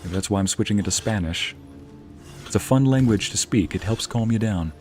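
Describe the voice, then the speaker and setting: A man's voice: lowish voice, brisk, a little mellow, faint music behind. A man streaming a video game, chatting casually with viewers and answering their messages, sometimes slipping into Spanish phrases. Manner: chatty, reads and answers chat aloud, drops into Spanish phrases.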